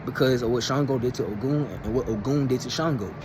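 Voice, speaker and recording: A man's voice: mid-range voice, quick pace, background noise. A young man retelling a myth in a casual, rambling, slangy way. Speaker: storyteller. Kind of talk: casual storytelling.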